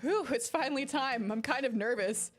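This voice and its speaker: A young woman streamer commenting on a game in an excitable, loud way. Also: high-pitched. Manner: excitable, loud, quick to laugh and swear at the screen. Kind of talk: let's play commentary. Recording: game music under voice. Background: game music.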